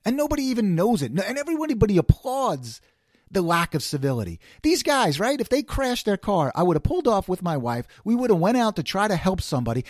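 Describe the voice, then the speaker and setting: A man's voice: high-pitched, sing-song, a little fast, no room sound, studio quality. A man hosting an opinionated solo commentary, ranting and firing off rhetorical questions. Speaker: host.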